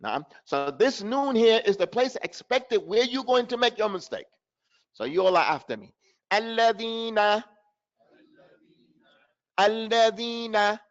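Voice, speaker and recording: A high-pitched man teaching a recitation class, lively and direct, who acts out his students' mistakes and chants verses slowly for them to repeat. The sound is dull and lo-fi, with muffled highs. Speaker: tajweed teacher. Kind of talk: live online recitation lesson.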